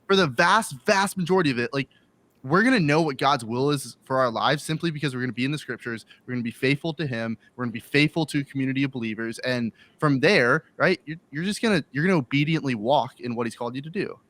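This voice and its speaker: A man's voice: mid-range voice, fast, fairly bright tone. A man on a pastors' livestream panel, talking earnestly in a casual chat with lots of filler likes.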